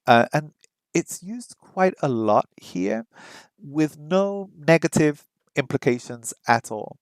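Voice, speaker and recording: A man thinking aloud in a casual vlog, wondering and unsure, slowly sounding out foreign phrases as he practices them. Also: fairly high pitch, expressive, dry recording. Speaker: vlogger learning a language.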